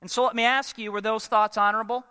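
A man's voice: sits high, level tone, quick pace, sharp tone, clear, resonant tone, big-room sound. A man preaching a sermon as pastor, emphatic and full of rhetorical questions put to the congregation.

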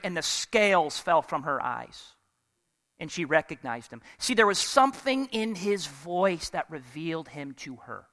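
A male pastor delivers a dramatic sermon in a high, bright, forceful voice. He drops from full volume to a near hush and slips in humorous asides. The sound rings with the long reverb of a large church. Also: big pitch swings, a little slow. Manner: dramatic preaching, swings from loud to hushed, with humorous asides.

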